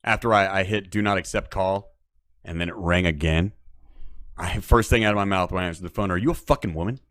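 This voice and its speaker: A man's voice: low voice, steady tone, a little fast, a bit bright. A man hosting a late-night show, ranting casually in a profane, mocking way. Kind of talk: casual on-air rant.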